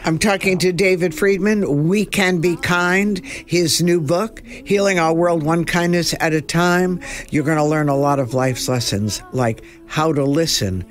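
Slow-talking woman radio host. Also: lowish voice, faint music behind. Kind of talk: radio interview.

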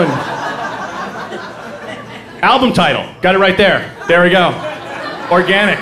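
A man doing a rambling, self-mocking stand-up routine, breaking into loud mock singing. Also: sits high, a little slow, pauses often. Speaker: stand-up comedian. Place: comedy club stage. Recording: live club recording, roomy, crowd laughter.

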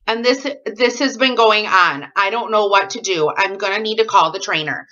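A woman's voice: mid-range voice, moderate pace, pushed and bright, highs cut off. A woman vlogging casually at home, reading out her fan mail in an effusive, rambling way full of asides. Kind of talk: casual chatty vlog.

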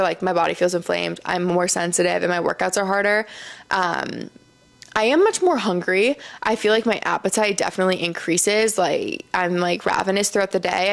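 A young woman chats through her solo podcast, sounding a little tired. Her voice settles into a gravelly fry, and she talks loosely, full of likes, ums and quick laughs. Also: medium pitch. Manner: chatty, filler-heavy, laughs often. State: tired, yawning. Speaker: podcast host. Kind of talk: casual solo podcast chat. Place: seated indoors.

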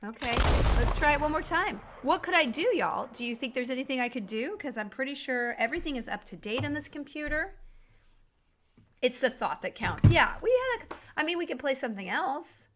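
A woman's voice: high-pitched, expressive, fairly quick, background noise. A woman live-streaming a video game from home, chatting with viewers and reacting to the game crashing. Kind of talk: casual live-stream chat while gaming.

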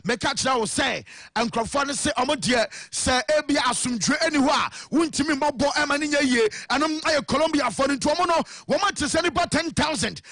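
A man with a Ghanaian accent presenting a radio sports news report in an animated, sing-song way, often raising his voice. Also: very high-pitched, moderate pace, dry recording, studio quality, faint music behind.

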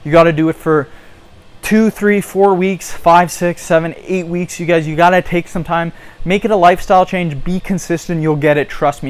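High-voiced, chatty young fitness vlogger man. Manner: chatty, repeats "you guys", encouraging. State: slightly out of breath. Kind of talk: casual home workout tutorial.

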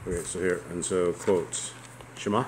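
A man's voice: deep voice, flat delivery, normal speed, a little mellow, a little hiss or hum. A man typing along to dictation, often stopping to check and repeat the punctuation back. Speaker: proofreading typist. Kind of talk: casual checking chat.

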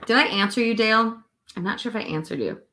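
A woman giving intuitive readings on a livestream, talking in a dreamy, drawn-out way and yawning often. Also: on the high side, sharp tone. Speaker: intuitive reader.

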